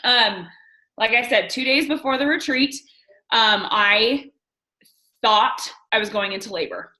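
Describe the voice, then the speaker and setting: A woman in her thirties tells her team a personal story and coaches them. Her voice sits fairly high and sounds bright and forceful. She talks candidly and emphatically, with lots of fillers. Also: rough recording. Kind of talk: personal story and motivational talk.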